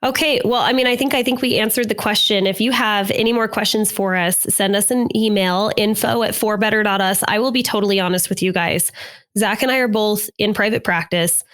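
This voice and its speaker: A woman's voice: medium pitch, fairly quick, a bit bright. A woman who is a therapist and podcast co-host, talking in a casual, friendly conversational way. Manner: frequent agreeing backchannels.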